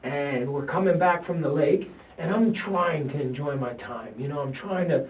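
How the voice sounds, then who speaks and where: Halting father on a tinny, roomy recording. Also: a little high, a little hiss or hum. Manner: halting, repeats himself, quotes his sons. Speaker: father interviewed by police. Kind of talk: police interview recording. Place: police interview room. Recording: tinny, roomy, distant interview-room recording.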